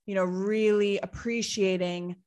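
A woman in her thirties from Trinidad, speaking in a thoughtful interview with many pauses as she searches for words. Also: mid-range voice, fairly even intonation, a little mellow. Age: 30s. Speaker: guest, business owner. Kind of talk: reflective interview answer.

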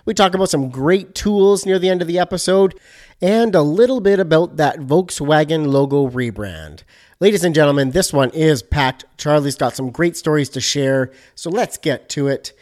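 A man's voice: fairly high pitch, moderate pace, a little mellow. Upbeat, chatty male podcast host. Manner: chatty, enthusiastic, jokey. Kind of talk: upbeat show intro and interview.

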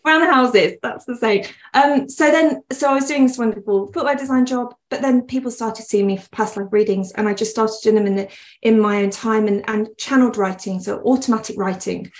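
A woman's voice: on the high side, brisk. Earnest rambling woman. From West Midlands, England. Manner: earnest, rambling with frequent laughs. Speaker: podcast guest. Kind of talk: conversational podcast interview.

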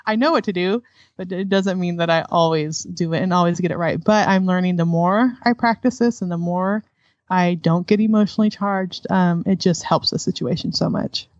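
A woman with a fairly low voice talks candidly, laughing often as she tells stories from home. The sound is dry and a little dull. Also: normal speed, darkish tone, no echo. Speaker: guest, adoptive homeschooling mother. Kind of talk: conversational interview.

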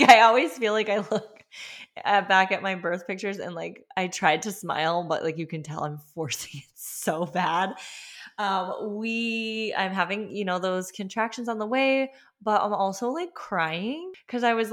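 A woman's voice: mid-range voice, fairly bright tone. A young adult woman hosting a podcast, telling a personal story in a chatty, emphatic way full of "like". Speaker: podcast host.

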